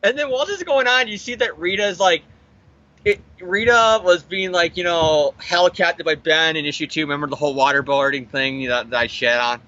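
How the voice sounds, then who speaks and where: A man casually recapping a comic book on a podcast, animated and profane, acting out the characters' lines. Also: a little high, a little fast, dry recording, muffled recording. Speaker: podcast co-host.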